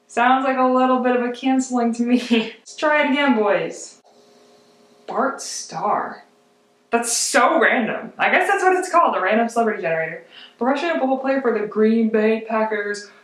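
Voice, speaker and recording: A young woman in her twenties, chatting casually and self-deprecatingly through a commentary vlog, with lots of "like" and frequent giggles. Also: mid-range voice. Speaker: video essayist. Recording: echoey room.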